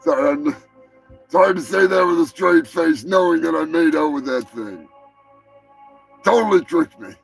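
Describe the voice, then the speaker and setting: Gravelly guy doing a crude sweary comedy rant on a live show, music going in the background. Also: a little high, animated, moderate pace, long pauses, low-quality recording. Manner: crude, profane joking rant. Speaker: host.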